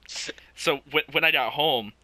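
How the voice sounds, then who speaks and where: A man's voice: on the high side, slow pace, bright, forceful tone, no echo. A young man co-hosting a podcast, telling a childhood story in casual chat, laughing often and swearing. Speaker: podcast co-host.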